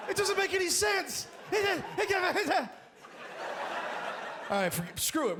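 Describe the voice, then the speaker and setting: A man doing a stand-up comedy routine on a live stage, loud and exaggerated, often shouting his punchlines. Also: extremely high pitch, sing-song, measured pace, long pauses. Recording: live stage mic, crowd laughter and noise. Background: audience laughing.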